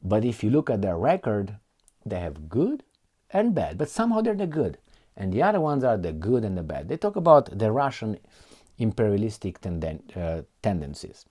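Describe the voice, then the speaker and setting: A man's voice: fairly low pitch, huge pitch swings, normal speed, warm tone, breathy edge. A man giving casual, profane political commentary, reading articles aloud and mocking them with frequent laughs.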